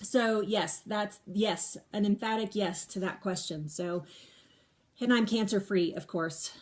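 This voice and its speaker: A middle-aged woman talks straight to her viewers in a relaxed live stream, pitched in an ordinary middle range. She is candid and chatty, repeating words for emphasis and often restarting mid-sentence. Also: a little slow. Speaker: livestream host answering viewer questions. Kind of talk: casual live Q&A monologue. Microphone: phone or webcam on a live stream.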